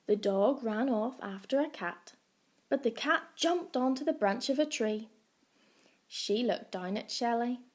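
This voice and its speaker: A woman primary school teacher reading a picture book aloud to young children. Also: on the high side. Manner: slow, expressive.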